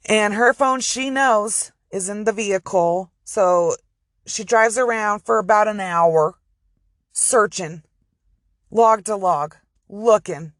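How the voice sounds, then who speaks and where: A woman's voice: mid-range voice, a bit bright, dry recording, clean studio sound. Chatty, cursing woman telling a story. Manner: chatty, profane, rambling asides. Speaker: true crime storyteller. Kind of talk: casual storytelling. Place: in her car.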